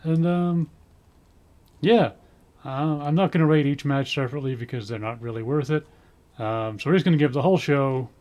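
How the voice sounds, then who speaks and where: A man's voice: medium pitch, moderate pace, darkish tone, muffled recording. A man giving a casual spoken review in a rambling way, full of ums, with dry sarcastic asides. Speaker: wrestling show reviewer.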